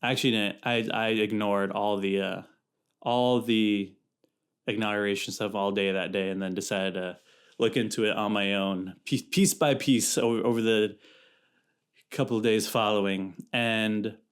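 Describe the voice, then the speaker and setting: A young man from California hosts a solo podcast in a lowish, clean-toned voice. He chats casually, rambling and slangy, and keeps interrupting himself.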